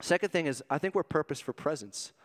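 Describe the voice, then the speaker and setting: A man preaching a sermon as a youth pastor, animated and joking, swinging between loud exclamations and hushed asides. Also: fairly high pitch, a little fast. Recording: long reverb of a hall.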